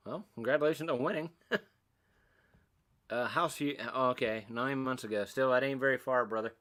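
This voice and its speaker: A man's voice: mid-range voice, normal speed, pauses often, fairly bright tone. A middle-aged man hosting a casual livestream, rambling and self-mocking as he reads out and answers chat comments. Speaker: livestream host.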